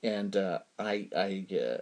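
Speaking in a low, expressive voice, a man relates a personal story to his audience in a casual, halting way. He rambles, restarting often and using plenty of fillers.

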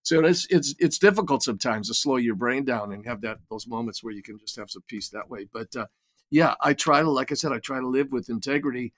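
A man's voice: medium pitch, fairly quick, fairly bright tone. An older man as an interview guest, telling reflective stories in a casual way with frequent restarts and repeated words. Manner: reflective storytelling with many restarts. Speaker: guest, writer and creator.

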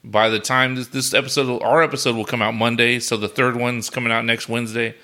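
A man's voice: medium pitch, level tone, a little fast, sharp tone. A young man co-hosting a podcast, chatting casually and at length in a laid-back, talkative way. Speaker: podcast co-host. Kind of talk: casual chat.

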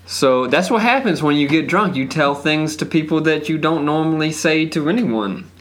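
A man's voice: fairly high pitch, lively intonation, normal speed, fairly bright tone. A young man co-hosting a podcast, rambling through crude stories in a laid-back, casual way. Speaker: podcast co-host. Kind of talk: casual chat.

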